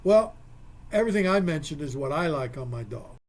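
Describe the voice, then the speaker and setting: A man's voice: on the high side, lively intonation, brisk, darkish tone. A man hosting a radio sports talk show, casual and joking, telling stories and working things out aloud. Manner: joking, storytelling, thinks aloud with math.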